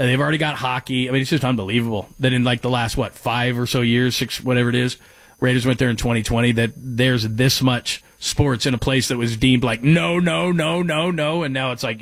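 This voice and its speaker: A man's voice: medium pitch, dry recording. A man hosting a sports talk radio show, chatting casually, rambling and breaking off mid-sentence as he reads out listener texts. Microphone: studio microphone.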